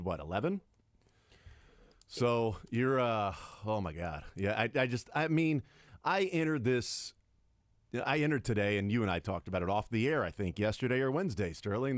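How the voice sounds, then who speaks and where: A man's voice: medium pitch, no room sound, studio quality. A man hosting a sports radio show, talking casually and animatedly about golf. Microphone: studio microphone.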